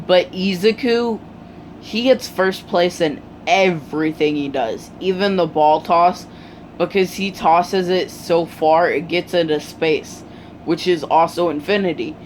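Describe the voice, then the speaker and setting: Slow talker, halting, lots of ums, casual fan-story retelling, faint background hum. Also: mid-range voice, rough recording. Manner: halting, many ums and restarts.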